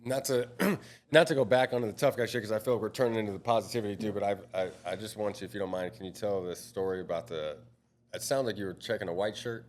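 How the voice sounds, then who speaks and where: Man, podcast host, casual chat, quick reactions, low voice.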